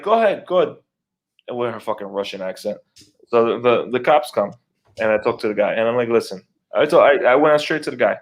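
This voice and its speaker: A middle-aged man co-hosting a podcast, telling a long neighbor story in casual, profane, animated talk and acting out his own reactions. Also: medium pitch. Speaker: podcast co-host.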